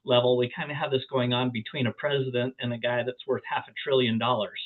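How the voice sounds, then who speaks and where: A man teaching a negotiation class in an animated way, often repeating words and asking rhetorical questions. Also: medium pitch, fast talker. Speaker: real estate trainer. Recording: tinny phone-like audio.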